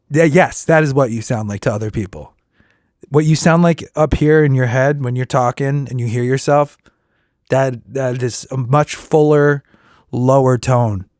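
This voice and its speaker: A middle-aged man, a working musician hosting his own podcast, talking casually with a tired voice and often restarting his sentences as he rambles through vocal warm-ups. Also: mid-range voice, dry recording, clean studio sound. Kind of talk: casual solo reflection.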